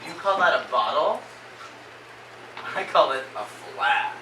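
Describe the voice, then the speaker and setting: A woman playing a weary, sharp-tongued member of a wandering troupe, with dry, scornful put-downs. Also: low-pitched, expressive, slow pace, background noise. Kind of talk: amateur stage acting. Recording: echoey stage, distant mic.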